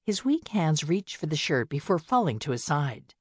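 Husky-voiced woman reading a novel. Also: low voice, no room sound, studio quality. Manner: steady, measured storytelling. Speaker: audiobook narrator. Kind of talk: scripted narration.

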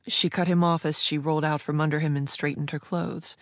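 A woman narrating fiction in a smooth, measured storytelling voice. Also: low-pitched, flat delivery, no echo, studio quality. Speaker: audiobook narrator. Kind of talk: scripted narration.

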